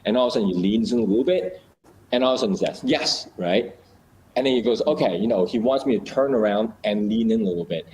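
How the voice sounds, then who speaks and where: A man with a fairly low voice talks casually and explains ideas through small scenes he acts out. He often restarts sentences and leans on fillers. A faint noise sits behind his voice. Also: lively intonation, fast, darkish tone, poor audio.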